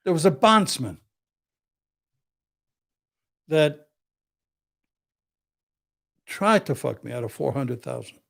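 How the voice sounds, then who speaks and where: A man's voice: fairly high pitch, sing-song, measured pace, vocal fry, a bit bright. An older man, a criminal defense attorney, telling blunt, profane tough-guy stories in casual chat with acted quotes. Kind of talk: casual storytelling.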